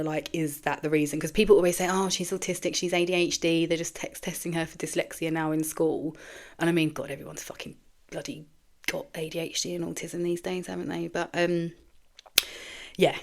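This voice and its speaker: A low-pitched woman speaks candidly in a personal monologue on her own show. She talks bluntly and swears freely, often breaking off and restarting her sentences. There is a tearful, emotional edge to her voice. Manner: frank and profane, with trailing restarts. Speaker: podcast host.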